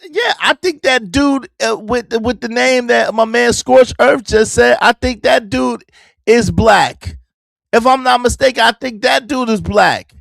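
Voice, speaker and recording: Male stream host, gravelly, dry close mic, teasing chat banter. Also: extremely high pitch, fairly bright tone, no echo. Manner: teasing, repeats phrases, talks back to chat. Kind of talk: casual live-stream commentary.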